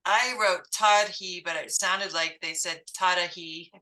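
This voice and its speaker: A woman student reading aloud in class, halting and unsure as she sounds out unfamiliar words. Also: lowish voice, steady tone, a loud crowd. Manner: halting, hesitant, unsure of pronunciation.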